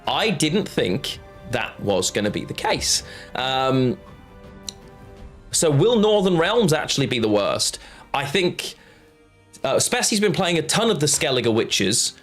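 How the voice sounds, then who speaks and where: A man's voice: on the high side, sing-song, slow pace, pauses often, fairly bright tone, soft background music. A man chatting casually on a live stream while playing a card game, rambling and answering his chat.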